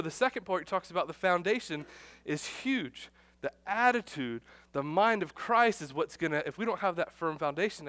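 Male pastor, thirties, high-pitched, chatty and animated from the pulpit. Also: dry recording. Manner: casual, animated, acts out dialogue in asides. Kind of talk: conversational sermon.

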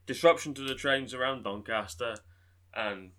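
Bright-toned sarcastic man. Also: medium pitch, moderate pace. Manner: sarcastic, swearing, laughing. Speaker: podcast co-host. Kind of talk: casual political chat.

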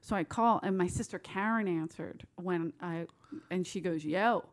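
A woman in her forties in casual chat, telling stories with lively energy, laughing often and swearing freely. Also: fairly low pitch, moderate pace. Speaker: guest.

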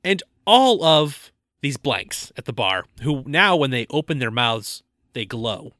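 A man's voice: medium pitch, very animated, a little slow, pushed and bright, no room sound, clean studio sound. A man co-hosting a casual movie-review podcast, joking and recapping the plot with stumbles and laughs. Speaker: podcast co-host.

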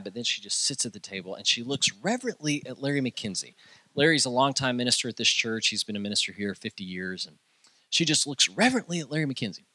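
Male pastor, lowish bright voice, storytelling sermon, close dry mic. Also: no echo. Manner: storytelling, quoting others, dropping low and quiet for emphasis.

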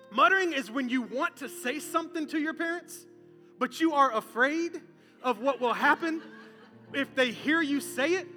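A male pastor preaching a sermon from a church stage, animated and conversational, with comic bits. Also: very high-pitched. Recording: long hall reverb, faint music.

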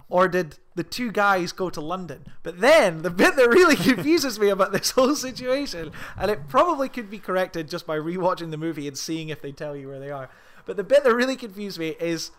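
A man's voice: high voice, a bit bright. Rambling, laughing male film podcaster. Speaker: podcast co-host. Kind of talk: casual film discussion.

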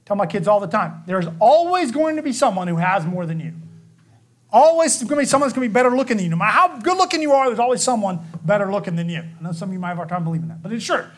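A man's voice: high voice, animated, very fast. A man pastor preaching a conversational expository sermon, often checking in with the congregation by asking "okay?".

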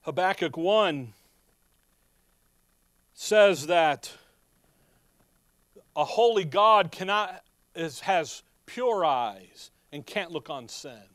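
Male preacher, high and clear voice, close and dry sound, impassioned delivery with quiet asides, pauses to find verses. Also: expressive, dry recording. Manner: impassioned, swinging from quiet asides to loud urgent cries; often breaks off mid-phrase to look up chapter and verse. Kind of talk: sermon.

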